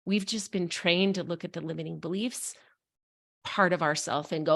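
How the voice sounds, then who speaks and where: A woman's voice: on the low side, steady tone, normal speed, creaky. Earnest middle-aged woman telling a personal story. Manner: earnest, frank, openly emotional. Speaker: authenticity coach, guest. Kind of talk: candid personal storytelling in conversation.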